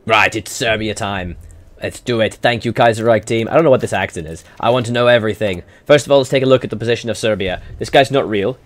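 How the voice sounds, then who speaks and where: A man's voice: lowish voice, quick pace, hardly any pauses. A man giving casual, playful commentary over a strategy game. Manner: playful, jokey, chatty. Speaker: gaming YouTuber.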